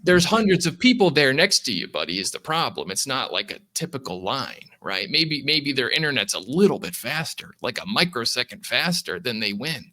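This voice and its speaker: A man talks on a casual podcast in an animated way, slipping into quick imitations of confused users. His pitch swings widely, and his tone stays bright and forceful throughout. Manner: animated, acts out users' voices. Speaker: guest from a lending app.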